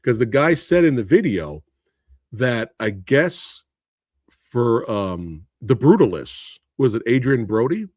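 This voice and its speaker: Male movie-review streamer, expressive and incredulous, loose and profane, dry close sound. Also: mid-range voice, slow, no echo. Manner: animated, incredulous ranting with frequent laughs and swearing; reads and answers viewer comments. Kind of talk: live stream Q&A and review chat.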